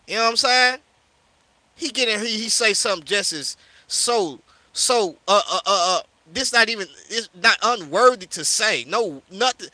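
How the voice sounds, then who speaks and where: A man's voice: high voice, sharp tone, no room sound. A man from St. Louis, a street preacher on a livestream, confrontationally scolding a listener and repeating "yo" and "you know what I'm saying.". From St. Louis, USA. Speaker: street preacher hosting a live discussion. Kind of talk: heated livestream rant.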